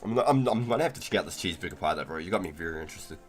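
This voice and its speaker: A man's voice: low-pitched, lively intonation, very fast, faint music behind. A young man, chatting casually and rambling on a gaming livestream, full of slang like "bro". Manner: laid-back, slangy, rambling with frequent "bro" and "like". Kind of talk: casual gaming stream chat.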